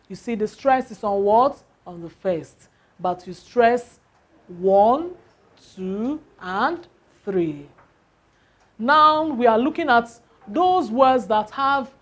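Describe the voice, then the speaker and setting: Woman teacher, very slow and deliberate, quizzes the class and answers herself. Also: medium pitch. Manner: asks questions and answers them herself; spells out letters and counts syllables aloud. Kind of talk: classroom lesson on word stress.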